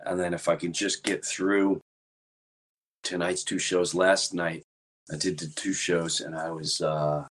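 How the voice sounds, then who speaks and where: A man with a slightly low voice hosts a casual podcast chat while fighting off a sore throat. He talks in a low-key, subdued way, his voice worn out. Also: level tone, a little slow, fairly bright tone, slight background noise. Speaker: podcast host.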